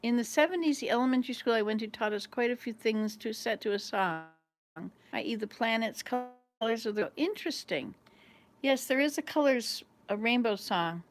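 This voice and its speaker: A woman's voice: on the high side, lively intonation, moderate pace. Chatty, laughing woman in her fifties. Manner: rambling, chatty storyteller who laughs often. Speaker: vlog host. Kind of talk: casual chat to camera. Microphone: small camera.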